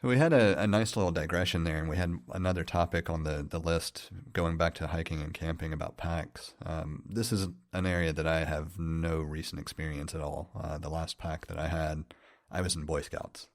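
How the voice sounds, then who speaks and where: A man co-hosting a podcast in casual chat, speaking in a measured, slightly formal way. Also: a bass voice, steady tone, no echo, clean studio sound. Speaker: podcast co-host.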